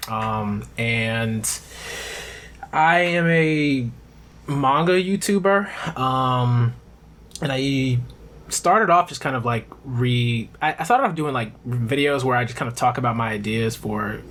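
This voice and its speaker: A man with an average-pitched voice, speaking as a podcast guest. He rambles along casually, pausing on frequent ums as he describes what he does. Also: fairly bright tone. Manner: rambling, hesitant, many ums. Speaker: guest, YouTuber. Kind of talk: casual interview talk.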